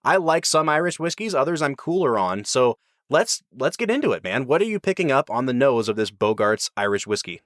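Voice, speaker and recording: A man's voice: mid-range voice, sing-song, brisk, few pauses, a bit bright, no echo. Chatty podcast host man, dry close sound. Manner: explains at length, enthusiastic. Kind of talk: casual podcast chat.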